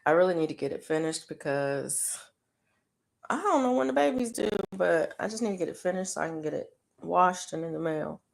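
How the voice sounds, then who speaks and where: A middle-aged woman with a low, creaky voice chats to live viewers while she crochets. She rambles with plenty of ums and laughs often. Her tone is loose and conversational. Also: animated, a little fast. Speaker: live stream host. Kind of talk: casual chat to live viewers.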